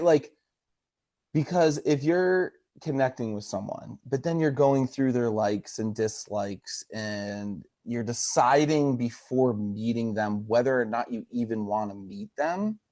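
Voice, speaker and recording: A man's voice: mid-range voice, warm tone, no room sound, clean studio sound. A man in his thirties co-hosting a podcast, telling rambling anecdotes in an easygoing way. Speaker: podcast co-host. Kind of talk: casual chat.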